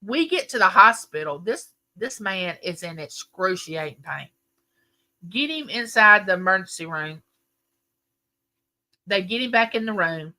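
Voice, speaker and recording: A woman's voice: mid-range voice, unhurried, pauses often. A middle-aged woman, casually telling a long family story to her livestream audience. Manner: animated, emphatic storyteller. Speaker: livestream host.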